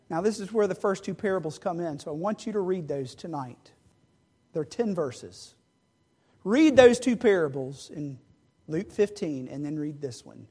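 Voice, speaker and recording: A man's voice: expressive, moderate pace, husky. A man preaching a sermon, acting out the characters of a parable in dramatic voices. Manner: acts out the parable characters with big shifts in pitch and loudness.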